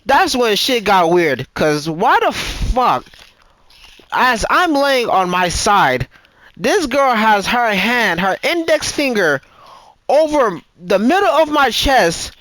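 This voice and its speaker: A man's voice: sits high, sing-song, takes it slowly, a bit bright, rough recording. A man in his twenties on a gaming voice chat, telling a story in casual, profane talk, stumbling and repeating himself as he goes.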